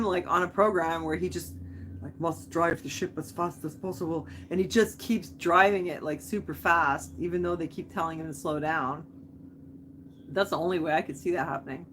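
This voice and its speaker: A woman's voice: lowish voice, fairly bright tone, slight background noise. Rambling woman chatting on a live stream. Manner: rambling, goes off on tangents, answers viewer comments. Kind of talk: casual live-stream chat.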